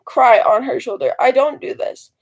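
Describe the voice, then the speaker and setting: A teenage girl talks straight to her camera in a loose, rambling vlog. Her voice sits a little high and drops into gravelly fry. She circles back and corrects herself as she goes. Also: moderate pace, low-quality recording. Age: teens. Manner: rambling storytelling with many restarts and fillers. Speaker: vlogger. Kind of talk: casual talking-to-camera vlog.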